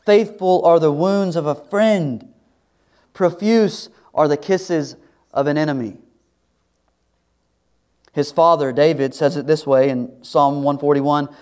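A middle-aged man preaching a sermon to his congregation in a conversational way, sometimes dropping to a soft, confiding tone. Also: on the high side. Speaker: pastor.

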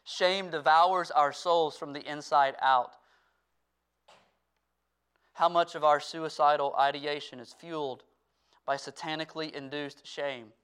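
Earnest pastor with a clear, ringing voice. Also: male voice, fairly high pitch, steady tone, measured pace, long pauses. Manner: earnest preaching that swings from forceful to hushed. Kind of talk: sermon. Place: church.

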